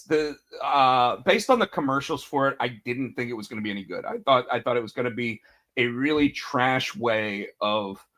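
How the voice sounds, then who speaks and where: Sharp in tone and medium in pitch, a man co-hosting a podcast tells rambling, casual stories during a relaxed chat, performing the quoted lines as he goes.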